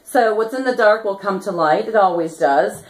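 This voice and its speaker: A woman's voice: mid-range voice, moderate pace, roomy sound, low-quality recording. A woman activist giving a fired-up, rambling vlog monologue, full of rhyming catchphrases and giggling asides. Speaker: activist vlogger.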